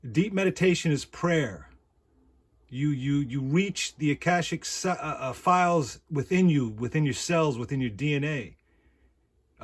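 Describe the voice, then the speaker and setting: A man vlogging in a casual monologue, rambling and repeating words, often laughing. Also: on the high side.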